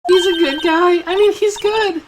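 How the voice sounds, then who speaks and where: A man's voice: extremely high pitch, fairly even intonation, normal speed, background noise, pitched above the performer's own voice. A man voicing a spirited, teasing young female sidekick in a fan dub of a video game. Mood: excited. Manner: pushy, teasing. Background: game music.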